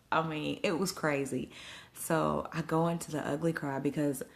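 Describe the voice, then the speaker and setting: Woman host, low voice with vocal fry, chatty storyteller talking to her livestream viewers at home. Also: darkish tone. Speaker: event host and live streamer. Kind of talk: casual livestream recap. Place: at home at night. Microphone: phone livestream.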